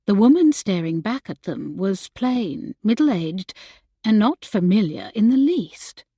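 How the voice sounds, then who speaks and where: Woman audiobook narrator, slow and measured, dry close sound. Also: medium pitch, big pitch swings, mellow, breathy edge, dry recording, highs cut off. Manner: measured, unhurried storytelling. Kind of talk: scripted narration.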